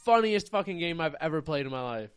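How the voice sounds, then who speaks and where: A man's voice: a little high, animated, quick pace, smooth. A man in casual podcast chat, laid-back and profane, often laughing as he talks. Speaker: podcast co-host.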